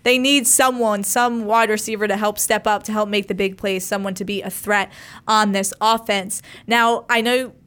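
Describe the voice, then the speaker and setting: A woman hosting a casual sports talk show, asking timed questions briskly and laughing often. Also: mid-range voice, fairly even intonation, a bit bright, smooth. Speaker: host of a sports panel.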